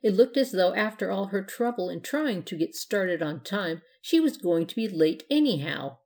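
A woman reads a children's storybook aloud in a steady, gentle manner. Her voice sits at an ordinary middle pitch and keeps an even storytelling pace. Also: normal speed. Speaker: narrator. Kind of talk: storybook reading.

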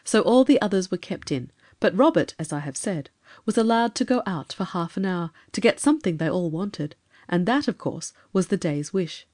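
A woman reading a children's storybook in a calm, measured, expressive manner. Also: fairly low pitch. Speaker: narrator.

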